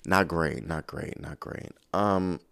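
A man's voice: low-pitched, gravelly, a bit bright. A man hosting a podcast in sassy, gossipy casual chat, swearing freely and calling listeners "girl.". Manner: sassy, gossipy, drawn-out exclamations. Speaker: podcast host.

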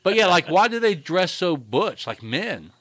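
A man's voice: high voice, big pitch swings, unhurried, fairly bright tone, no echo. A young man co-hosting a podcast, rambling in crude, profane casual chat and often asking "you know what I mean". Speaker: podcast co-host.

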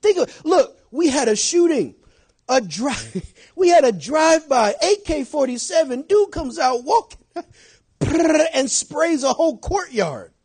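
A middle-aged man preaching to his church with a high voice. His pitch swings a lot as he jumps between shouted points and low, chatty asides, with frequent laughs. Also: very animated, unhurried. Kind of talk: sermon.

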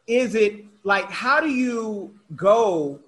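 Male interview host, high voice, chatty, animated, stumbles and restarts, casual. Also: slow pace. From Oakland, California. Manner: talkative, animated, frequent restarts. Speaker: podcast host.

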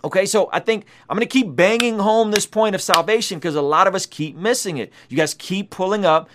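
A man's voice: high-pitched, fairly quick, noisy background. A man hosting a Christian video, preaching emphatically and repeating his key points. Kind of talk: preaching commentary.

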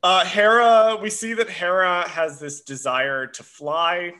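A man's voice: high-pitched, fairly even intonation, slow, pushed and bright. A man co-hosting a casual show, chatting about an episode with plenty of fillers. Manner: chatty, self-described history nerd, frequent uh fillers. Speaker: podcast co-host. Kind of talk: casual chat.

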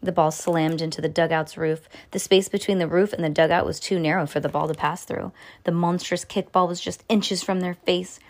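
Woman, low-set voice, expressive read-aloud of a kids' book, animated dialogue. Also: normal speed. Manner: casual asides about the book. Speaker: reader. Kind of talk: reading a children's book aloud.

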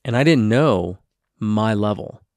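A man's voice: fairly low pitch, expressive, a little slow, darkish tone, no echo, studio quality. A man co-hosting a casual podcast as a parent, telling rambling stories and swearing freely.

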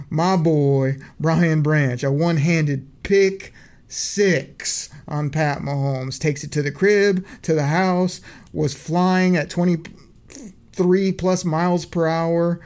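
Upbeat man recapping football plays. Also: a little high. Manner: hyped play-by-play recapping from notes. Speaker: podcast host. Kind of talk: casual sports podcast chat.

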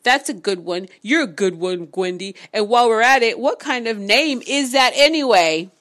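Bright-voiced woman reading aloud. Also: a little high, moderate pace. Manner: animated, swearing, excitable asides. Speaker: book reader vlogger. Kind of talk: casual read-aloud with reactions.

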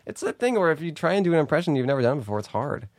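A man's voice: fairly high pitch, very animated, very fast, no echo, studio quality. A young man chatting as a podcast guest, joking around and laughing often. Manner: jokey, laughs a lot, does impressions. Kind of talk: casual chat.

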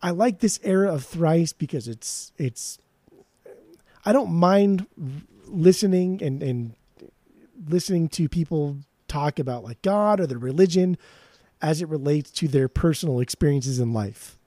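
A podcast co-host talking with animated enthusiasm, cursing freely and joking around. His voice sits a bit high for a man but sounds mellow and dark in tone. The recording is dry, with no room sound. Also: unhurried, no echo. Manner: animated, swears casually, jokey. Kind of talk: casual music podcast chat.

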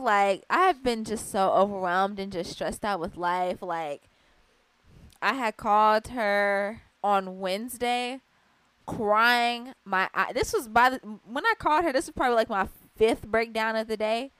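A young woman, co-hosting a podcast and telling stories in a lively, casual way. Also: on the high side, unhurried, clean tone, no room sound. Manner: animated storyteller, laughing and acting out moments. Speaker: podcast co-host. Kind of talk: casual chat.

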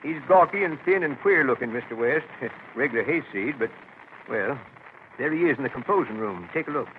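A man's voice: mid-range voice, animated, a little fast, close to an everyday voice. A man playing a chatty, good-humored print foreman from New Hampshire with a rural New England accent, in a 1940s radio drama. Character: folksy middle-aged male New Hampshire print foreman. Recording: tinny lo-fi old radio broadcast with faint hiss.

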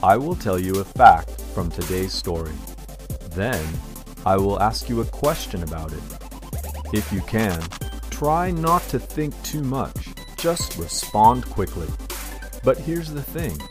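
A man hosting a scripted language lesson podcast, speaking in a calm, deliberate and clearly enunciated way. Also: on the low side, over music.

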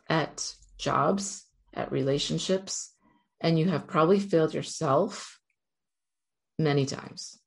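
A woman with a low, deep-set voice speaks straight to her viewers in an earnest, encouraging motivational talk. She addresses them directly and keeps urging them on. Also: gravelly. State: near tears at moments. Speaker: self-help speaker.

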